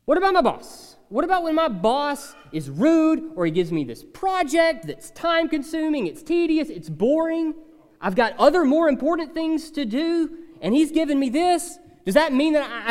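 A man's voice: very high-pitched, big pitch swings, moderate pace, a little mellow, long reverb tail, voice pushed up. A man voicing a grumbling churchgoer who pleads and protests in an exasperated way. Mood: complaining. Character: whiny complaining churchgoer, adult man.

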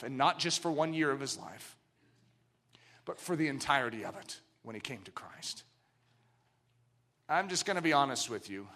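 Fervent middle-aged male preacher, high voice. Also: creaky. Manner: dramatic swings between loud declarations and hushed, low passages. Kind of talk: sermon.

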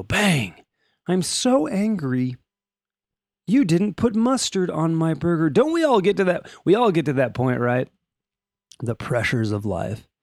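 A man's voice: a little high, dry recording, clean studio sound. A middle-aged man hosting a podcast, chatting casually and jokingly about odd news stories. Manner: joking, animated, puts on silly voices for quotes. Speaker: podcast host. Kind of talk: casual comedic news chat.

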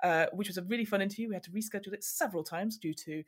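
A woman podcaster and improviser talks in easy, casual chat. She pokes fun at herself and giggles as she goes, her voice sitting at an ordinary middle pitch. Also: very fast, slightly rough. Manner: chatty, self-deprecating, giggly.

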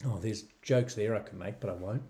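A man's voice: lowish voice, fairly quick, dark tone. A man co-hosting a casual movie review podcast, dropping dry quips and short agreements. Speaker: podcast co-host.

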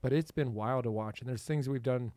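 A man hosting a podcast in casual chat, animated and laughing often. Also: medium pitch, brisk, no room sound. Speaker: podcast host.

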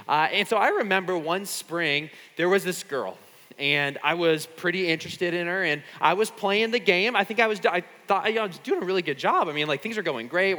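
A man gives a casual, self-deprecating sermon full of stories and fillers. His voice sits a little high and rings bright. It echoes with a long reverb, as in a big hall. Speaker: pastor. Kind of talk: casual sermon talk at a retreat.

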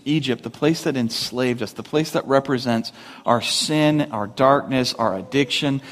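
A man preaching a sermon, animated, asking rhetorical questions and acting out the voices of complainers. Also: a little high. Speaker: pastor.

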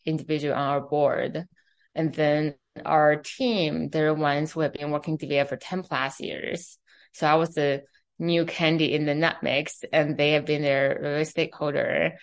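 A woman in her thirties from China, speaking English as an interview guest, telling her story in an animated way and acting out the dialogue. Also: low-pitched. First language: Chinese. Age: 30s. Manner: animated, acts out quoted dialogue. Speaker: fashion company CEO, guest.

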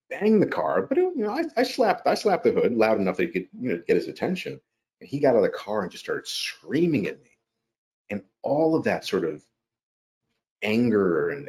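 Deep-voiced actor guest, storyteller, animated, jumps up high for quoted lines. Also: male voice. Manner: animated, acts out quotes in raised voice. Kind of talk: conversational storytelling. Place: New York.

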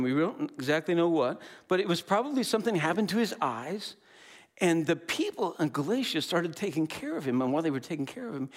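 A man preaching a sermon, telling the story in an animated, playful way with casual asides. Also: fairly high pitch. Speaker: pastor.

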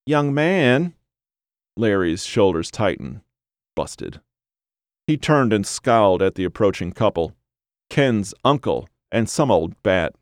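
A male audiobook narrator with a very deep voice, reading in a steady, even storytelling manner. The recording is close and dry, with no room sound. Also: unhurried, dry recording. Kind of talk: scripted narration.

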